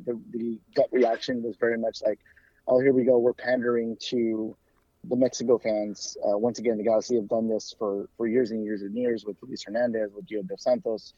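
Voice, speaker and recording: In a casual remote interview with lo-fi audio and no room sound, an American guest speaks in a mid-range, dark-toned voice. He co-hosts a podcast and follows a soccer club, chatting in rapid bursts with frequent fillers and restarts.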